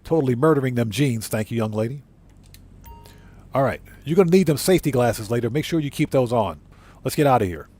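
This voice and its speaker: A GTA streamer and content creator chats with his viewers during live gameplay, his medium-pitched voice animated, mellow and a little fast. He wanders easygoingly from topic to topic, reading chat, using lots of fillers and frequently correcting himself.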